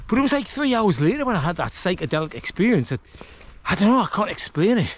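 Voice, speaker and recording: A man's voice: high-pitched, very animated, fast talker. A man talking casually to camera while wild camping in a woodland, rambling and self-deprecating. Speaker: vlogger, outdoor camper.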